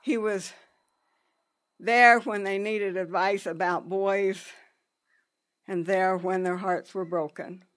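Woman storyteller, slow and deliberate, halting with pauses, mid-pitched voice. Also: steady tone, a bit bright. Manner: unhurried, halting with pauses and restarts. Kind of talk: personal storytelling.

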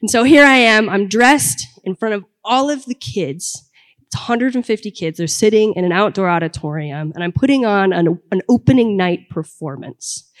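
A young woman telling a personal story to an audience in a conversational, comic way that builds to punchlines. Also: medium pitch. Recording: long hall reverb.

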